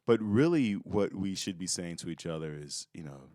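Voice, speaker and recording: Male podcast guest, very low voice, animated, acts out quotes, dry close sound. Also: moderate pace, no room sound. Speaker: podcast guest, comedian and life coach. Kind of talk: casual podcast chat.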